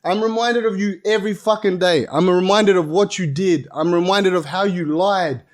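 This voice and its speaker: A young man, telling his story as a podcast guest in an animated, swearing way. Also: high-pitched, normal speed. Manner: animated, swearing, repeats phrases. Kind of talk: casual storytelling.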